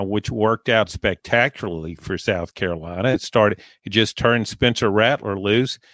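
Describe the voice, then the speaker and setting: A man co-hosting a sports podcast, analytical and measured with a touch of dry sarcasm. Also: fairly low pitch, a bit bright, no echo. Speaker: podcast co-host. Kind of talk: casual sports podcast discussion.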